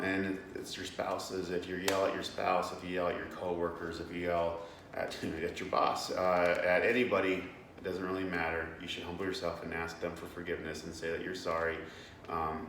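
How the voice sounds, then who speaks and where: Speaking at a normal pace in a low, monotone voice, a young male host delivers an informal devotional talk, earnest and plain, with lots of fillers and restarts. He sits away from the mic in an echoey room, with faint noise in the background.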